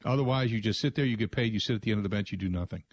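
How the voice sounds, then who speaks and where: A man's voice: lowish voice, racing, dry recording, clean studio sound. A man hosting a sports talk radio show, giving an emphatic, rambling opinion monologue with frequent restarts. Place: radio studio.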